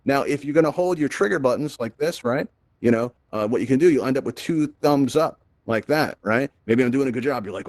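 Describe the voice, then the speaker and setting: A man leads a live virtual reality lesson, talking quickly and tossing in "right?" after nearly every step. His tone is upbeat and chatty, and his mid-range voice sits close to the mic with a dry sound. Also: medium pitch, animated, dry recording. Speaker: host. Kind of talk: live tutorial to a virtual audience.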